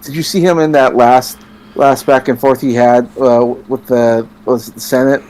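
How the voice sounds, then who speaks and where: A man from Canada co-hosting a podcast in casual chat, stumbling over restarts before quick bursts of talk. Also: medium pitch, fairly even intonation, darkish tone, poor audio. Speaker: podcast co-host.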